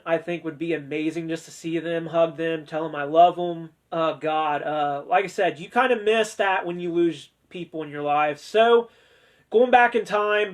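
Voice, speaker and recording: A man hosting a casual discussion, chatty and joking with playful sarcasm, turning sincere and sentimental when speaking of family. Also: high-pitched. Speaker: host of a discussion video. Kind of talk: casual chat.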